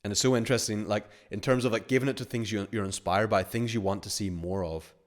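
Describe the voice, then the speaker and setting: A man's voice: fairly low pitch, fairly even intonation, fast talker. A man hosting a webinar as a money-mindset coach, talking casually in a rambling, filler-heavy way and acting out little scenarios.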